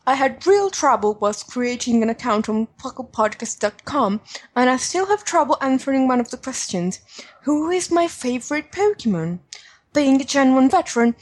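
A woman's voice: a little mellow, slightly rough. A woman voicing an enthusiastic thirty-something London fan in an attempted British accent, reading a listener email aloud in a playful, bouncy way. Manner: bouncy, playful, with big swings in pitch.

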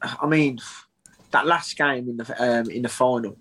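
A man's voice: medium pitch, fairly even intonation, measured pace, fairly bright tone, breathy edge. A man talking as a guest on a casual podcast, thoughtful and often restarting his sentences. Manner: thoughtful, repeats words as he starts. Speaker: guest, bare-knuckle fighter.

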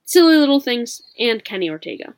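A woman's voice: on the high side, very animated, fairly quick. A woman in her twenties co-hosting a podcast, chatting playfully and casually with plenty of fillers. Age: 20s. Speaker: podcast co-host. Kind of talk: casual chat.

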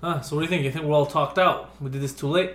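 High-voiced man telling rowdy stories. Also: racing, echoey room. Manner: profane, animated storytelling. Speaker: podcast host. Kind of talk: casual chat.

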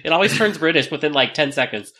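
Animated man reading a listener email. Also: on the high side, fast talker. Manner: animated, playful asides while reading. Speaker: podcast co-host. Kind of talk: casual chat, reading a listener email aloud.

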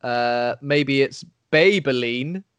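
A man's voice: medium pitch, slow, fairly bright tone, clear, resonant tone, dry recording. A man co-hosting a casual film chat, joking and slipping into silly voices. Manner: jokey, slips into silly voices. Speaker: podcast co-host.

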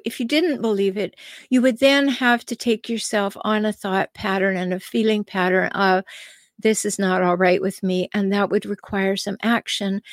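A woman's voice: on the high side, no room sound, studio quality. A woman relationship coach hosting her own show, talking straight to the listener and often asking rhetorical questions. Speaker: relationship coach and podcast host. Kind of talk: solo advice monologue.

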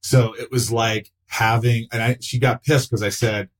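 A man in his fifties, a guest on a chat show, telling stories in a lively way, acting out quoted voices and swearing freely. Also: medium pitch, moderate pace. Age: 50s. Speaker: actor and podcast guest. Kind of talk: casual interview chat.

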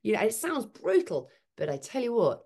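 A woman's voice: fairly high pitch, moderate pace. A woman, a podcast guest and author, talking about parenting in a conversational interview and acting out quoted speech. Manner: animated, acts out quoted speech.

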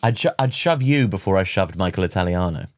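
A man co-hosting a comedy podcast, trading dry, wry, deadpan quips. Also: low-pitched, brisk. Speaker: podcast co-host. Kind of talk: comedic casual chat.

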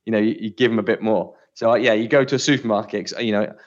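A man's voice: fairly low pitch, steady tone, very fast, muffled recording. A man from the West of England near Bristol with a West Country accent, co-hosting a podcast in a casual, rambling, self-mocking way. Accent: West Country English. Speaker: podcast co-host.

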